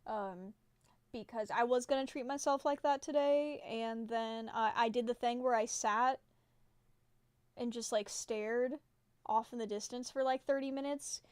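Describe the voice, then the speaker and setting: A young woman chats loosely with her live viewers, drifting from one thought to the next, filling gaps with "like" and frequent giggles. Her voice sits fairly high and comes across smooth and clear. The sound is dry and close. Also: fairly even intonation, unhurried, darkish tone, dry recording. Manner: rambling and giggly, many fillers like "like". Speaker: livestreamer. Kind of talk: casual chat with live viewers.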